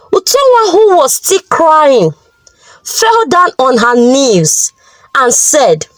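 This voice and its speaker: A woman narrating a folktale in a slow, expressive way. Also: sits high, dry recording, low-quality recording. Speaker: storyteller.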